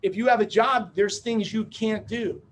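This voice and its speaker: Male seminar speaker, high voice, brash joking storyteller. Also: steady tone, moderate pace, slight background noise. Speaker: business opportunity speaker. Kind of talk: motivational seminar talk.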